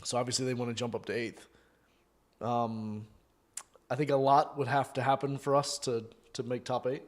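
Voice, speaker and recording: A man's voice: mid-range voice, little pitch movement, moderate pace. A man hosting a fan watchalong, chatting casually through a live match and thinking aloud with many fillers. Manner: bursts into loud disbelieving shouts at goals.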